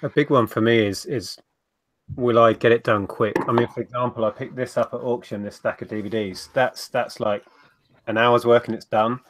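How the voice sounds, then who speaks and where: A man's voice: medium pitch, fairly even intonation, normal speed. A man chatting casually as a reseller panelist on a live video call, laid-back and self-deprecating. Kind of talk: casual live-stream chat.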